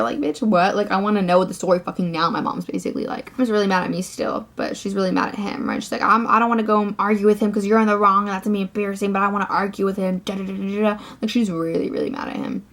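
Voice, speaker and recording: Teen girl, vlogger, storytime rant, gravelly fry, profane, lots of fillers. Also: mid-range voice, steady tone, fast talker. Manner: ranting, profane, filler-heavy.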